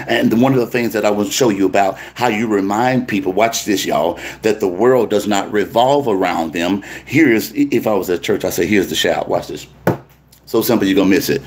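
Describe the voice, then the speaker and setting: A man preaching to a congregation, animated and calling out to his listeners. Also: fairly low pitch. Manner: animated, call-and-response preaching. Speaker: pastor.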